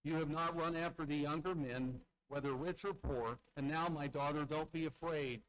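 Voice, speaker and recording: A man's voice: on the high side, fairly even intonation, normal speed, a bit bright, smooth, poor audio. A man, a church elder, preaching a sermon conversationally, asking the congregation rhetorical questions and acting out the characters' lines as he retells a Bible story. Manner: conversational, asks listeners rhetorical tag questions; acts out the characters' quoted lines in Bible stories.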